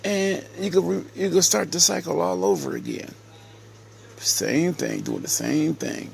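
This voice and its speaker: Slow, gravelly man ranting. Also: a little high, sing-song, slight background noise. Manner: slow, repetitive, scolding. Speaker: vlogger. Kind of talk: casual rant to camera.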